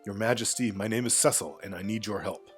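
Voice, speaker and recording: A man's voice: on the low side, a little fast, faint music behind, lightly acted. Man reading an earnest young knight hero.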